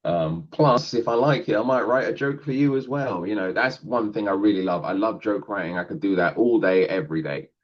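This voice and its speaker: Deep-voiced man, rambling and laughing. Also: brisk, hardly any pauses, highs cut off. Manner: rambling, self-deprecating, laughs often. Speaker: guest comedian. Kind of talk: casual podcast interview.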